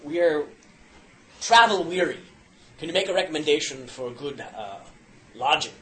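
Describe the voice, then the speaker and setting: A stiff, courtly professor, played by a man at the table, speaks in formal, old-fashioned phrases. His voice is bright and swings widely in pitch. He sounds slightly raised above a plain speaking voice. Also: expressive, moderate pace, rough recording.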